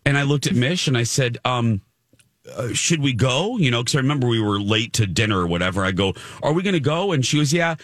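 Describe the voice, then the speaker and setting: A man's voice: medium pitch, lively intonation, fairly quick, a bit bright, no echo, studio quality. A middle-aged man telling a rambling story in a casual chat, often correcting himself.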